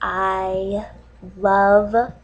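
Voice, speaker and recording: A woman's voice: mid-range voice, level tone, muffled recording. A young woman playing a nervous, overemotional dating hopeful who stammers through her ums and keeps welling up into tearful gushing. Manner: halting, full of ums, bursts into tearful gushing. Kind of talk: comedy sketch monologue.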